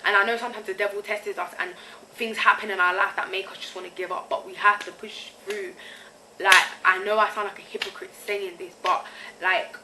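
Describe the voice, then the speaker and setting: A woman's voice: medium pitch, fairly even intonation, brisk, background noise. A young woman speaking candidly to her own camera in a confessional vlog, using slang and often checking that the listener follows her. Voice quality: candid, slangy, keeps asking "you get me". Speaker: vlogger. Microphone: camera mic, self-filmed.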